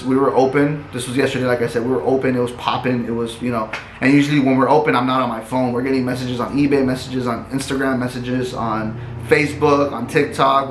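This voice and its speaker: A man's voice: mid-range voice, slight background noise. A man who runs a resale business tells a long story in a casual, rambling way, restarting his sentences often. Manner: rambling, with many restarts and fillers. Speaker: small business owner and reseller. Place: his shop, indoors. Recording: echoey room with faint ambience.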